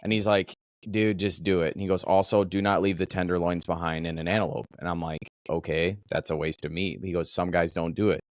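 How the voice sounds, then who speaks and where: Low-voiced man telling a hunting story. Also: fast talker, few pauses, no echo, clean studio sound. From Minnesota. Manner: animated storytelling, swearing. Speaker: podcast host. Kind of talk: casual chat.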